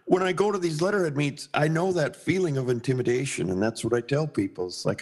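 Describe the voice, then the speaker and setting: A man's voice: fairly high pitch, fast. A middle-aged man from Minnesota, a sign painter telling a story in casual conversation and acting out the voices in it. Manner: animated, acts out voices in his anecdotes.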